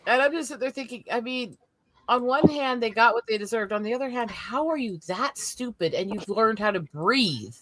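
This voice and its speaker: A woman host from the South Dakota and Montana area, chatting bluntly and swearing freely. Her voice is forceful and bright, and it sits dry and close to the mic with no room sound. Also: a little high, animated, brisk, dry recording. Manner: blunt, profane and rambling. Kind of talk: casual chat.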